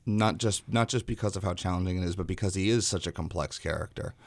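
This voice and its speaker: A man's voice: low voice, quick pace, no room sound. A young man, a stage actor guest, talking casually in a radio interview, hesitant with many fillers and restarts.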